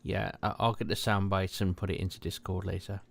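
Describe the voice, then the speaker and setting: A man's voice: sits low, little pitch movement, brisk, creaky. An English man hosting a casual film review podcast, recapping the plot with plenty of ums.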